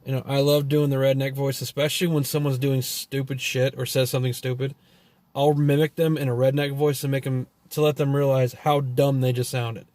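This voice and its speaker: With a flat, fairly quick delivery and a slightly mellow, medium-pitched voice on a dry recording, a Texas man tells loose, profane stories. His Texan-accented monologue rambles, full of fillers and trailing thoughts.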